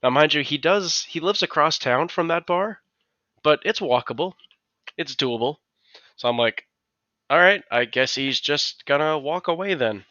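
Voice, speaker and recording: Man, casual podcast storyteller, bright, lively, acts out his coworkers' lines. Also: on the high side, normal speed, no echo, muffled recording. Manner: animated, acts out quotes of coworkers. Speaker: podcast co-host.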